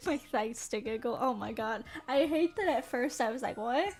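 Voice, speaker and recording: High-pitched giggly woman streamer. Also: animated, moderate pace, faint music behind. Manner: giggly, rambling, laughs often. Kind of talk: casual live-stream chat.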